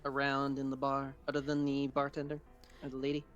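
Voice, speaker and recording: A man playing a tabletop role-play game, speaking in a relaxed, hesitant way with fillers. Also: medium pitch, fairly quick, lo-fi sound, faint music behind. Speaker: player.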